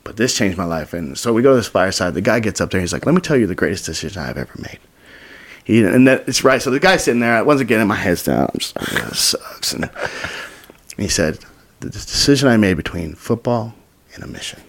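Gravelly low-voiced young man telling stories. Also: fast talker. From Utah. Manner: animated, acts out quotes with whispers and sudden high bursts. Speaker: podcast guest. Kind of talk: storytelling in casual interview.

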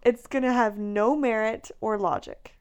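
A pregnant woman in her thirties chatting casually, telling an animated story, acting out quoted lines and laughing often. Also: fairly high pitch, a little slow, clean tone. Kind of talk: casual chat.

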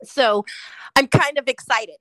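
A woman co-hosting a podcast, telling a fast food rant in casual chat, swearing freely and animated. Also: high voice, no echo. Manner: swears a lot, animated ranting storyteller. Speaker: podcast co-host.

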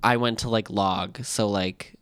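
A woman's voice: extremely low pitch, fairly even intonation, a little slow. A woman chatting casually on a podcast, rambling, joking and saying "like" constantly. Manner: rambling, heavy use of "like", joking. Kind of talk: casual chat.

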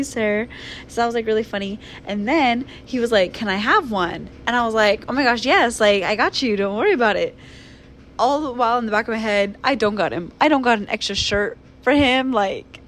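A woman's voice: a little high, moderate pace, slight background noise. A young woman casually telling a personal story to her viewers, chatty and full of fillers. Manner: chatty, filler-heavy, animated retelling. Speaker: vlogger.

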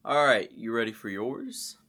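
A man's voice: mid-range voice, lively intonation, moderate pace, noisy background. A man co-hosting a casual true-crime podcast, reading a case aloud and joking with his co-host.

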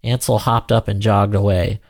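A man narrating a children's storybook in an expressive, animated reading. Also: lowish voice, moderate pace, vocal fry, no echo, studio quality.

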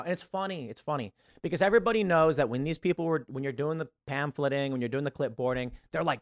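A man's voice: on the high side, fast talker, few pauses, dry recording, clean studio sound. A man hosting a live show in a casual, rambling monologue, acting out little dialogues. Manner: animated, acts out quoted dialogue in changing voices; rambling, with frequent restarts. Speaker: podcast host.

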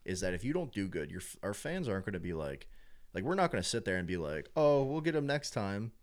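A young sports fan chats casually and rambles with lots of filler words, getting animated when he imitates fans and announcers. He has a deep voice and talks fast.

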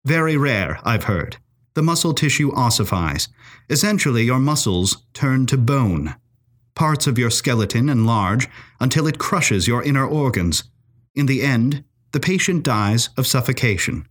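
A blunt, antisocial young woman student, played by a male reader who murmurs her answers in short, clipped sentences. She speaks slowly, with a lively rise and fall in her voice. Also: mid-range voice. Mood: guarded. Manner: quiet, clipped. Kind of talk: storytelling acting.

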